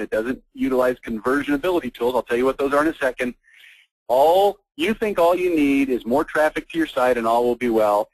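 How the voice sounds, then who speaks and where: A man giving a fired-up, blunt sales pitch as host of a marketing webinar on an online call. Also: no room sound, low-quality recording. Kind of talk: persuasive sales presentation.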